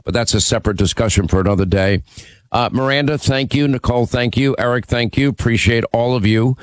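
A male talk radio host with a mid-pitched voice, speaking into a studio mic with a very dry, close sound. He talks emphatically and rallies his audience. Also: fairly quick, no room sound. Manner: emphatic, teasing, rallying listeners.

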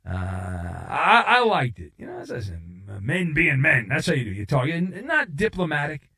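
Sarcastic sports radio host, lively pitch. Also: male voice, normal speed, vocal fry, slightly rough. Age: middle-aged. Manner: sarcastic, mocking voices and rising to shouts. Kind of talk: opinionated sports talk radio monologue.

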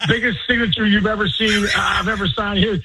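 A man who is a former pro ballplayer, guest on a radio show, telling stories excitedly, repeating words and quoting others in quick little voices. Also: sits high, creaky, slightly rough, poor audio. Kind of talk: animated storytelling on a radio show.

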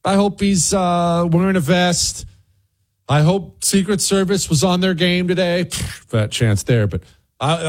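A man's voice: sits high, measured pace. A man hosting a political talk radio show, delivering a heated, ranting monologue.

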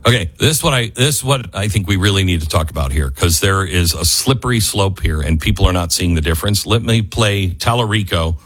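A man's voice: low-pitched, animated, brisk, hardly any pauses, fairly bright tone. A man hosting a talk radio show, delivering an impassioned, frustrated monologue and raising his voice at times. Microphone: studio microphone.

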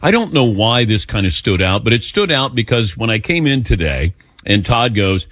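A man hosting a sports radio show, running through the lineup in a relaxed, conversational way. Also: fairly low pitch, moderate pace, no echo, clean studio sound. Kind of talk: casual sports radio talk.

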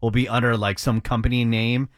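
A man's voice: medium pitch, level tone, fairly quick, no echo, clean studio sound. A man co-hosting a talk show, easygoing and chatty, with lots of filler words. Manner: easygoing, says like a lot. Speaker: co-host. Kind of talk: casual banter.

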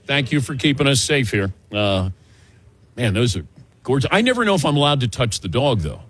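Husky-voiced male radio host. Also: mid-range voice, very animated, brisk, fairly bright tone, dry recording. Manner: laughs often, tells anecdotes. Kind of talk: casual studio banter.

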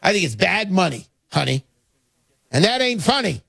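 Loud pushy radio guy selling gold, high voice, real dry sound. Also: sing-song, normal speed, creaky, dry recording. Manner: brash, pushy salesman patter. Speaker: radio show host. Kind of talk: gold sales talk show.

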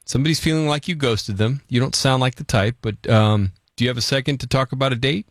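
A man's voice: mid-range voice, quick pace, no echo. A man hosting a radio call-in segment, talking in a playful, teasing way. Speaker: radio show host.

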